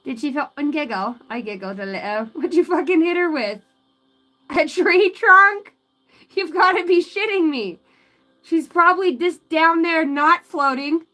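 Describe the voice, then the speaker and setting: A woman's voice: sits high, measured pace, pushed and bright. A woman doing a live tarot and oracle card reading, giggling often, swearing freely and chatting in asides to her spirit guides.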